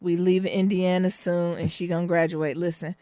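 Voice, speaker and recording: A woman with a somewhat low voice co-hosts a casual podcast, reading reviews and bantering with her partner. She is playful and loose, tossing in swear words. The recording is dry and close. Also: level tone, normal speed, dark tone, no echo. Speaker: podcast co-host.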